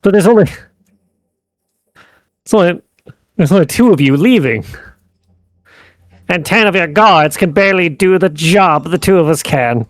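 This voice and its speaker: A man voicing a smooth, persuasive male noble official who hesitates and coaxes as he talks. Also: sits high, lively intonation, normal speed, long pauses, dry recording, clean studio sound, voice pushed up. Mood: incredulous. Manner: hesitant, placating, coaxing.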